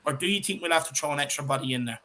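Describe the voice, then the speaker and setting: An Irish man hosting a casual fan chat, excitable, swearing freely and reading out viewer comments. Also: on the high side, rapid-fire, slight background noise. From Ireland. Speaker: podcast host.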